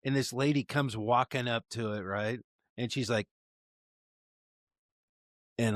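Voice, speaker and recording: A man's voice: mid-range voice, unhurried, long pauses, dry recording, studio quality. A man co-hosting a podcast, telling a profane story in casual chat. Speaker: podcast co-host.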